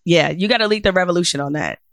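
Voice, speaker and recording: A woman's voice: lowish voice, fast talker, no echo, studio quality. A woman hosting a podcast, chatting with a guest and delivering blunt, emphatic opinions with frequent laughs. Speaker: podcast host. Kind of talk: casual interview chat and opinion monologue.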